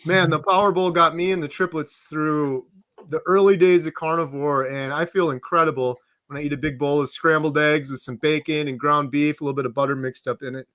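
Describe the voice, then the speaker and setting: Upbeat guy hosting a live q&a, slightly high voice, dry close sound. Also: steady tone, brisk, fairly bright tone, no room sound. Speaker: livestream host. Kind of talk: casual live Q&A chat.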